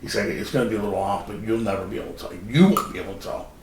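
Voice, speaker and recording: A man's voice: on the low side, rapid-fire, recorded from a distance. A man in casual podcast chat, telling a story in a laid-back, rambling way. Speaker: podcast co-host. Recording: gravelly voice in an echoey room, off mic, faint noise.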